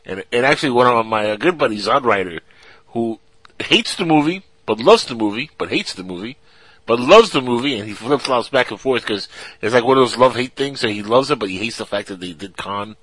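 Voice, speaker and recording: A man's voice: mid-range voice, brisk, fairly bright tone, no room sound, poor audio. A man co-hosting a casual podcast, chatty and teasing, rambling with fillers. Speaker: co-host.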